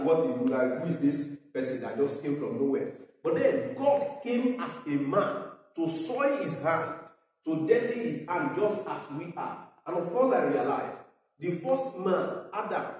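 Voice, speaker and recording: A man's voice: high-pitched, mellow. A man preaching a sermon as pastor, talking conversationally with fillers and asides. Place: parish church. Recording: echoey church hall from far off.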